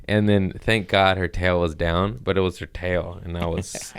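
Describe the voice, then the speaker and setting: A man's voice: sits low, steady tone, normal speed. A man hosting a podcast in casual chat, rambling and jokey, often slipping into silly voices. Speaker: podcast host, comedian.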